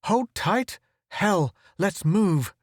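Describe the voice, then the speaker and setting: A man's voice: sits high, expressive, drawn-out words, no room sound, clean studio sound, pitched above the performer's own voice, full character voice. A man reading a storybook audiobook, voicing a tense, urgent young male space reporter in a raised voice. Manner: urgent, commanding.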